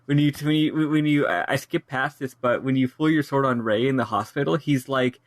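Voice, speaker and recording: A man co-hosting a casual game podcast, talking in an animated way and laughing at his own complaints. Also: mid-range voice, a little fast, no room sound. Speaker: podcast co-host.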